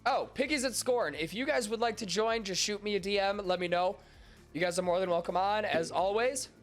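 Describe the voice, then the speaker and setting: A young man with a high, fairly quick voice hosts a podcast stream over soft background music, chatting casually and crudely with his chat. Allergies leave him congested, so he sounds stuffy and nasal. He jokes, mocks himself, and swears a lot.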